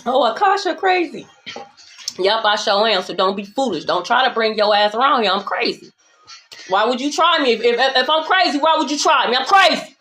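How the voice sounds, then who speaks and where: A woman's voice: on the high side, lively intonation, fairly quick, a bit bright, faint music behind. A young adult woman giving a casual tarot reading monologue, blunt, profane and sassy, repeating phrases for emphasis. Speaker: tarot reader.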